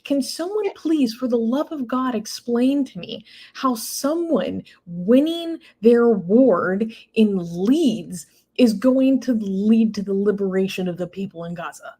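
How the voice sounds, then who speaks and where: A woman's voice: fairly high pitch, animated, a little slow, few pauses, dark tone, breathy edge. A woman co-hosting a casual talk show, exasperated and emphatic, with laughing asides. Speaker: co-host. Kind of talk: casual chat.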